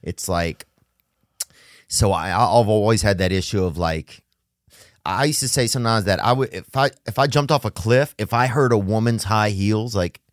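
A man in casual conversation, earnest and halting, leaning hard on "like" as he talks. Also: on the low side, no echo, clean studio sound. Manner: halting, earnest, heavy use of "like".

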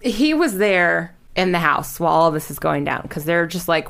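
Young woman, lowish voice, rambling casual storyteller who laughs and swears freely. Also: animated, normal speed, creaky, few pauses, fairly bright tone. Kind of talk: casual storytelling podcast chat.

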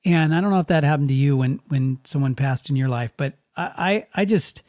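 A man's voice: fairly high pitch, fairly quick, darkish tone, no room sound, studio quality. Man from Spokane, rambling storyteller. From Spokane, USA. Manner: rambling, frequent restarts, acts out quotes. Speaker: podcast host. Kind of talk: casual storytelling chat.

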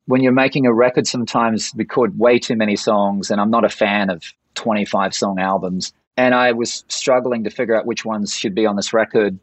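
A man's voice: fairly low pitch, fairly even intonation, fairly quick, hardly any pauses, dry recording. A man with an Australian accent, a guest on a podcast, talking in an easygoing storytelling way and laughing between phrases. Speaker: guest musician. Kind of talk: podcast interview conversation.

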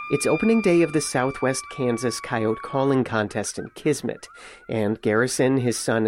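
A man reading a scripted radio news report in a measured, even storytelling way. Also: medium pitch. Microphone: close studio mic.

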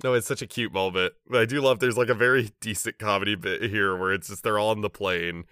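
A man's voice: fairly low pitch, fairly even intonation, quick pace, sharp tone, smooth, no room sound, studio quality. A man co-hosting a podcast, chatting casually about an anime episode in a loose, filler-heavy way. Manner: chatty, peppered with filler words. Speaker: podcast co-host. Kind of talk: casual anime recap chat.

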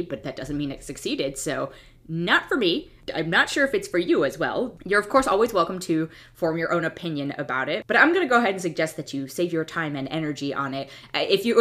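A woman with a fairly low voice that swings widely in pitch as she talks. She reviews films in a blunt, exasperated, opinionated way, breaking off and restarting her sentences as she goes. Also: a bit bright. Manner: restarts and trails off mid-thought. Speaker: film reviewer. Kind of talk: casual movie review monologue.

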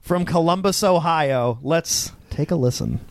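A man's voice: a little high, a little slow, gravelly, slight background noise. A man co-hosting a podcast, enthusiastically setting up and discussing clips in casual chat. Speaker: podcast co-host.

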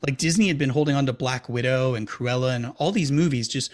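A man's voice: mid-range voice, fairly quick. A man hosting a film podcast, chatting casually and rambling through his points with restarts. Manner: rambling, self-interrupting, chatty. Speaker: podcast host.

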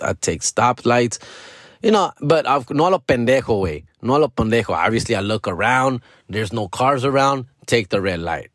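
Man, low voice, profane slangy venting, dry close sound. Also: fairly bright tone, no echo. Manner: profane, slangy, code-switches into Spanish. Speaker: comedian podcaster. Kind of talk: casual venting monologue.

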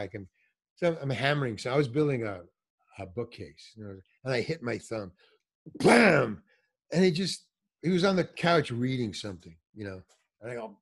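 Older male storyteller, animated, slightly high voice, acts out every quote. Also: moderate pace. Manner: animated, acts out quotes with big pitch jumps. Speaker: comedian guest telling stories. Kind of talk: casual storytelling chat.

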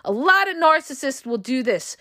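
A woman with a high, bright voice hosts a podcast, talking to her listeners directly in a loose, emphatic monologue. She circles back to her points and keeps checking in with the audience. The sound is close and dry. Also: sing-song, normal speed, dry recording. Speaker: podcast host and coach.

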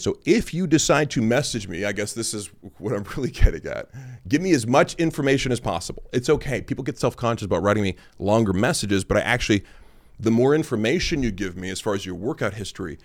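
Young guy with a lowish voice, chatting loose and rambly about lifting. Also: animated, fairly quick. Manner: rambling, conversational, many fillers. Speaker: fitness podcast host answering listener questions. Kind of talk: casual monologue.

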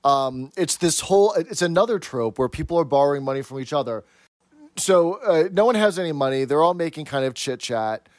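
A man with a slightly high voice co-hosts a podcast, chatting and explaining things casually. The recording is dry and close, with no room sound. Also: animated, a little fast, no room sound. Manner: chatty, explains and tells jokes. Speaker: podcast co-host.

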